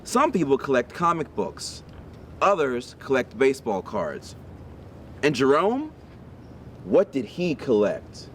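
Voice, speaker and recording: Reading a picture book aloud to children, a man with a mid-range voice goes slowly and lively over each word, pausing to ask his young listeners questions. He's outdoors in a park on a windy day, with faint street noise and cars passing behind him.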